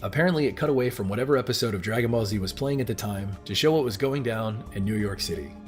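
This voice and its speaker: A man's voice: on the low side, fast. A man in his thirties narrates from a script in an earnest storytelling way, often turning to ask his viewers what they remember. Faint music plays underneath his voice. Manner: earnest, storytelling delivery with direct questions to viewers. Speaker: video narrator.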